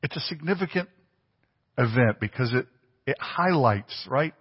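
A man's voice: medium pitch, animated, unhurried, breathy edge. A man preaching a sermon in a conversational way, asking the congregation questions. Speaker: pastor. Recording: dull lo-fi church recording with long reverb.

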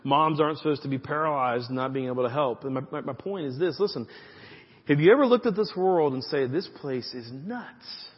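Man, pastor, lively conversational sermon; slightly high, husky voice, muffled recording with long hall reverb. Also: fast. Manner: conversational, animated preaching with asides to the congregation.

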